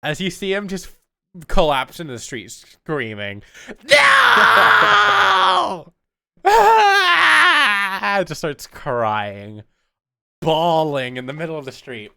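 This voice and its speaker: A man narrating as game master in a tabletop game, animated and laughing often. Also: medium pitch, unhurried, clean tone, dry recording.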